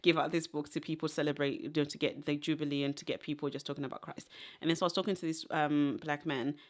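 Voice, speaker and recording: A young woman from Zimbabwe, appearing as a podcast guest, speaks quickly in a deep, level voice. Her casual interview chat wanders off on tangents through story after story, and she laughs often.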